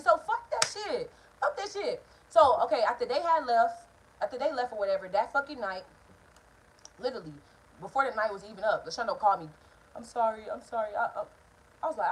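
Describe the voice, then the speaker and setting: Fast-talking animated young woman storytelling. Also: on the high side, a little hiss or hum, poor audio. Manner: animated, profane, talks straight to viewers. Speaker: vlogger. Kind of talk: casual storytime vlog.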